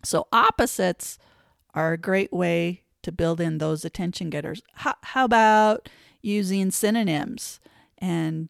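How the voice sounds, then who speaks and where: Playful woman with a gravelly, low voice. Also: unhurried, no echo, studio quality. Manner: playful, demonstrates chants in a sing-song voice. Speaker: teacher trainer, podcast host. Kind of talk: teaching tips for teachers.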